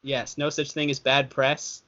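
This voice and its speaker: Young male co-host, casual rambling chat, bright tone, dull lo-fi podcast sound. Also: medium pitch, monotone, measured pace. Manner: rambling, self-correcting, chatty.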